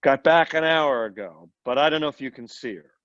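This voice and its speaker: A man's voice: medium pitch, brisk, a bit bright, dry recording, lightly acted. A man reading the part of a big, slatternly charwoman who speaks bluntly. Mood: curt. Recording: dull lo-fi recording.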